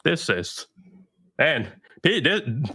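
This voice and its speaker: A man co-hosting a podcast, chatting casually in an animated, insistent way. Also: a little high, extremely slow, husky. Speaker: podcast co-host.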